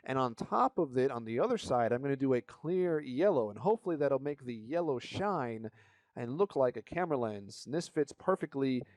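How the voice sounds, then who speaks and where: A man's voice: mid-range voice, expressive, normal speed, darkish tone, no room sound. A man casually narrating his model kit build, joking around and swearing now and then. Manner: joking, swears, hollers playful asides. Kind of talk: casual hobby vlog narration.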